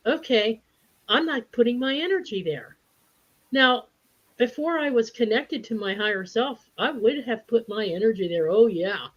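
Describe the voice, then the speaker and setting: Lively laughing woman, lo-fi livestream sound. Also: on the high side. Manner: animated, laughs often, acts out voices in stories. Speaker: spiritual group speaker. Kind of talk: casual storytelling in a group chat. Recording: dull lo-fi livestream audio.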